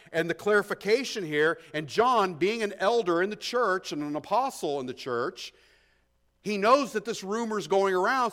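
A male pastor preaching a verse-by-verse sermon with a voice that sits a bit higher than most men's. He drops to near-hushed asides, then pushes key points out loud and slow, often doubling words as he thinks aloud. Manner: emphatic, swings between hushed and loud, repeats words while thinking. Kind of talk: expository sermon.

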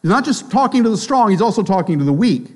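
A man with a high, bright-pitched voice preaching a sermon in a casual, talky way. He keeps checking in with his listeners and slips into the voices of the people he quotes. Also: very animated, fast talker. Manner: conversational preaching with frequent tag questions; acts out quoted voices of both sides. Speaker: pastor.

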